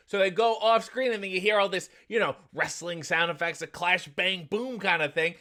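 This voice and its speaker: A man's voice: on the high side, pushed and bright. A man hosting a comedic recap of a TV episode, sarcastic and profane in his storytelling. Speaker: host.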